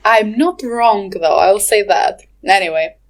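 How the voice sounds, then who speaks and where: A woman's voice: mid-range voice, unhurried. A woman co-hosting a podcast in casual chat, teasing and rambling with lots of fillers and laughter. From Albania. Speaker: podcast co-host. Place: lives in England, near Leicester.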